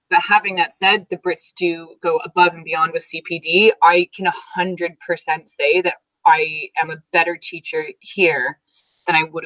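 Chatty Canadian-raised woman, lowish voice. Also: fairly bright tone, poor audio. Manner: chatty, laughs often, many fillers. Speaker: interview guest, teacher. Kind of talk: casual conversational interview.

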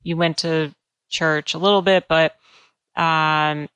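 Interviewer, woman, deep and unhurried, halting questions. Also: steady tone, a bit bright, smooth, dry recording.

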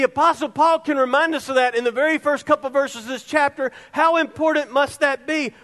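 A man's voice: very high voice, steady tone, fairly quick, few pauses, a bit bright. A middle-aged man preaching a sermon as pastor, emphatic and repeating his key phrases to the congregation. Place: church sanctuary. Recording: long reverb of a hall.

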